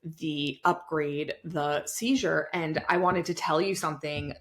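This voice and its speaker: A woman in her thirties talks casually on a podcast, her speech animated and full of fillers, with the odd swear word. Her voice sits somewhat low for a woman. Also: measured pace. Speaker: podcast co-host. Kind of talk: casual conversation.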